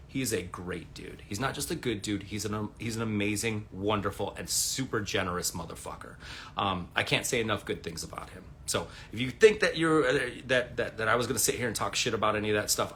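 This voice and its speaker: A man's voice: lowish voice, a little fast, sharp tone, slight background noise. A man hosting a casual live stream, rambling through stories with plenty of fillers, swearing and acted-out quotes. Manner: rambling, profane, lots of fillers and quoted dialogue. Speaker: livestream host. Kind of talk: casual storytelling to viewers.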